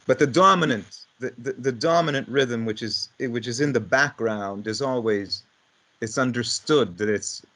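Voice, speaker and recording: A man's voice: medium pitch, moderate pace, fairly bright tone. A man hosting a casual discussion about verse, agreeing and adding short explanations. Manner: affirming, backchanneling with short agreements. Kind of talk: casual conversational teaching talk.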